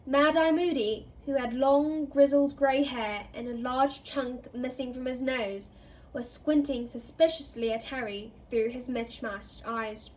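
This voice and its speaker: Woman reading a book aloud, expressive, kinda high voice, does all the characters. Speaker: reader.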